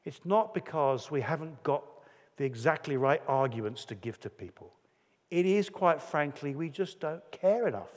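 A man's voice: a little high, animated, moderate pace, darkish tone. Earnest male preacher in a reverberant hall. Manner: earnest, conversational preaching with acted-out quotes. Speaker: pastor. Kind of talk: sermon.

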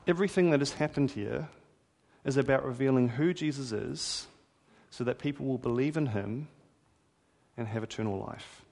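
A man's voice: mid-range voice, creaky, a little mellow. Preacher man in a reverberant hall. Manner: conversational, wry storytelling. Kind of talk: sermon.

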